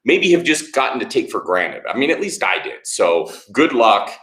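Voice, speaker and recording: A man's voice: mid-range voice, sing-song, moderate pace, fairly bright tone. Encouraging man in an echoey room. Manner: friendly, encouraging, reads comments aloud. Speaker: fitness channel co-host. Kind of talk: casual chat reading viewer comments.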